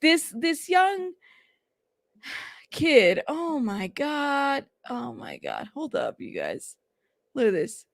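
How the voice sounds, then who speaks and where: High-voiced exasperated woman reacting. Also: huge pitch swings, drawn-out words, vocal fry, long pauses, dry recording, studio quality. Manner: chatty, exasperated, laughs often. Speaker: commentary channel host. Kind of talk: casual reaction commentary.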